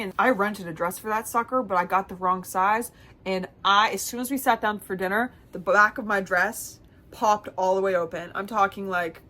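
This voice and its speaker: A woman's voice: mid-range voice, pushed and bright. A woman vlogger and theater producer telling funny stories in a chatty, self-mocking way. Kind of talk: casual storytelling vlog.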